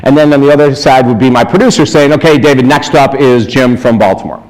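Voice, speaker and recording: A man giving a storytelling sermon as a spiritual speaker, animated, chuckling often and acting out the people in his stories. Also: medium pitch, quick pace, poor audio. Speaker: spiritual speaker and life coach. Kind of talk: storytelling sermon to a live audience.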